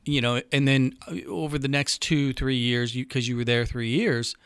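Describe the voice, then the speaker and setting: A man's voice: medium pitch, fairly even intonation, moderate pace, fairly bright tone, clean tone, dry recording, studio quality. A man hosting a podcast, asking long, winding questions with some restarts. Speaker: podcast host. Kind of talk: interviewing on a podcast.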